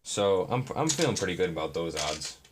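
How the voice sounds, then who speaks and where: Young man, deep low voice, live streamer, meandering self-deprecating chat, noisy recording with clicks. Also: sing-song, a little fast. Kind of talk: rambling live-stream chat while building. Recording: noisy, with keyboard and brick clicks.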